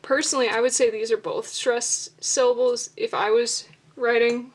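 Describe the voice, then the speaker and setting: A woman's voice: fairly high pitch, steady tone, moderate pace. A young adult woman teaching poetry writing in an instructional video, explaining methodically step by step with the odd filler.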